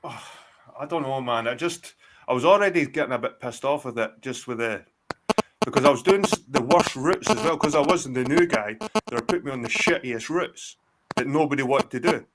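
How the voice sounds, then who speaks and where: A Scottish man in his forties talks in a middle-pitched voice, swearing freely as he winds through a long, loose story. He trips over himself and restarts often. He sounds like he is on a video call. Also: animated, a little fast, background noise. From Scotland. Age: 40s. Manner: rambling, profane storytelling with many restarts. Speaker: guest. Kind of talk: casual chat.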